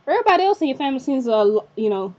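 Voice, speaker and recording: A woman's voice: high voice, very animated, racing, darkish tone. A woman giving a casual recap of a TV episode, chatty and breaking into indignant rants. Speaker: TV episode reviewer. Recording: slightly dull lo-fi recording.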